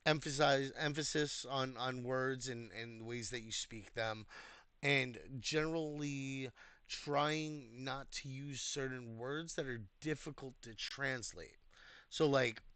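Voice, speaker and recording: A man's voice: medium pitch, slow pace, a bit bright, smooth, no room sound. A young American man talking casually and earnestly, giving advice with many restarts and fillers. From United States. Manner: earnest, explanatory. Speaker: community host reviewing threads.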